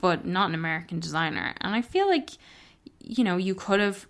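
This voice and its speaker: A woman with a slightly low voice co-hosts a casual book club podcast. She talks in a candid, chatty way and swears freely. Street traffic drifts in through an open window behind her. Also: expressive, a little fast. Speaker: podcast co-host.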